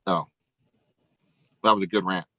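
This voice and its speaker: A man giving an energetic motivational pep talk as a sales coach, emphatic, tagging lines with "right?". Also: low-pitched, unhurried, rough recording.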